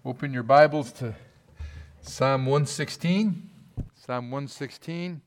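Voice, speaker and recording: A man's voice: mid-range voice, slow pace. A man preaching a sermon, telling a story in a colloquial way with false starts, then rising into fervent scripture reading.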